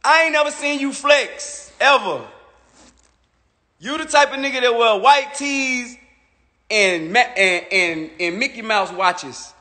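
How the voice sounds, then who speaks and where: A man with a very high, bright, forceful voice delivers a taunting livestream rant, stacking boastful jabs one after another. It sounds like a phone mic in a space with a long, echoey reverb. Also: animated, slow. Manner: boastful, mocking, repetitive jabs.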